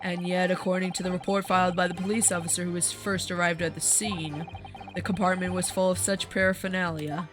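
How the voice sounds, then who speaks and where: A woman's voice: lowish voice, flat delivery, brisk, music in the background, pitched below the performer's own voice, natural voice. A woman voicing a stern, haughty male prosecutor, speaking in a formal, disdainful, clipped way. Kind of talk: reading game dialogue aloud.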